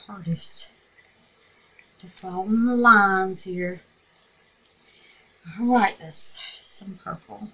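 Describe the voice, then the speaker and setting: At a medium pitch and an extremely slow pace, with frequent pauses and a bit of brightness, a Southern woman chats through a crafting tutorial at home. She's a craft vlogger from Mississippi with a scratchy voice who talks to herself and calls viewers babies, working in a craft room fitted with an air purifier.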